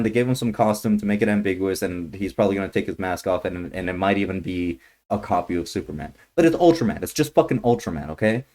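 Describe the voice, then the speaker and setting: A young man with a fairly low voice tears into a movie trailer in a heated, swear-laden rant. He talks bluntly and gets loud and indignant. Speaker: YouTuber reacting to a movie trailer. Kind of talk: ranting trailer reaction.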